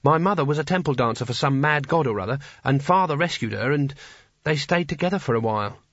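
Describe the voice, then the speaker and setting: A man's voice: mid-range voice, expressive, fast talker, fairly bright tone, dry recording. A man voicing Kanina, a fierce young woman thief who speaks bluntly and curtly. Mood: confiding. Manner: brusque, curt. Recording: dry, slightly dull audiobook recording.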